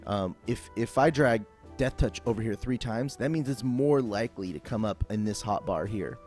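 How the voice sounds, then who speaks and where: Unscripted and animated, a man with a lowish, slightly mellow voice narrates a game tutorial at a normal pace, wandering casually and filling gaps with ums and likes. Faint music sits behind him.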